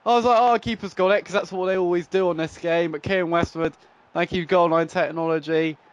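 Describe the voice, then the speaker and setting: A young man commentating his own football video game play, swinging between frustrated groans and excited shouts. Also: fairly high pitch, brisk, dull audio. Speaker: gaming YouTuber. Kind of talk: live gameplay commentary.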